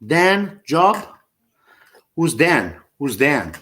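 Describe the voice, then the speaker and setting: Animated man teaching drums. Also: on the high side, very slow. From Italy. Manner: chatty, sings drum patterns aloud, greets viewers. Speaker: drum teacher. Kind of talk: live-streamed drum lesson. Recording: echoey room with faint noise.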